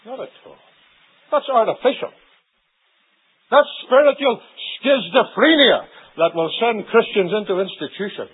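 A man preaching a sermon to a congregation, swinging between loud emphatic lines and low quiet asides. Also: expressive, measured pace, pauses often, slightly rough. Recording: tinny phone-like old sermon recording.

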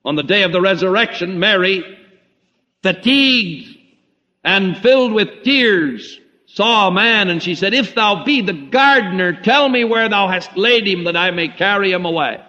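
A man preaching a sermon, dramatic, swinging between loud emphasis and hushed low tones. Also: expressive, a little slow. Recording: muffled lo-fi recording in a reverberant hall.

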